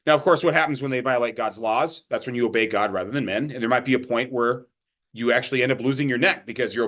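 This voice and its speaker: A man's voice: medium pitch, a bit bright. A man teaching a Bible study in a loose, conversational way, checking in often with his listeners. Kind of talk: informal sermon teaching.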